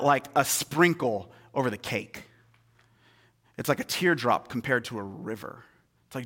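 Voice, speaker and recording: A young man preaching to his church in a loose, chatty way. He drops to near-murmurs when making a point, then jumps into excited storytelling. His pitch sits in the middle for a man. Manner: conversational and animated, shifting between hushed and excited. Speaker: pastor. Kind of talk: sermon.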